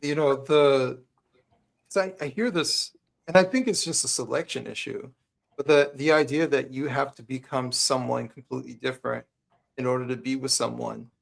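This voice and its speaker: A man's voice: medium pitch, moderate pace, creaky. A married man, a guest on a talk show, telling a personal story frankly and earnestly. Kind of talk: casual conversation.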